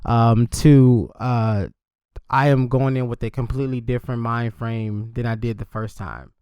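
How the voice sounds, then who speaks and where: Brief: male host, mid pitch, smooth resonant voice, dry and close, relaxed delivery. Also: no room sound, lo-fi sound. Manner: relaxed, halting, with fillers. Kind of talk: casual conversation.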